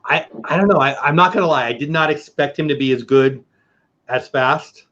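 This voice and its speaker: A man's voice: a little high, normal speed, fairly bright tone. Rambling joking man on a livestream. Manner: rambling, self-deprecating, joking. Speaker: livestream host. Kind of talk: casual chat. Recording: muffled lo-fi stream audio.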